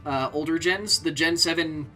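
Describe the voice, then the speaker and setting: A man's voice: a little high, moderate pace, pushed and bright, soft background music. A man giving casual, offhand let's-play commentary, rambling and full of fillers. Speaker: streamer.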